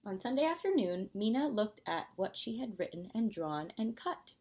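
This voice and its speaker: A woman, a preschool teacher, reading a picture book aloud in a gentle storytime voice. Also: mid-range voice, sing-song, normal speed, slight background noise.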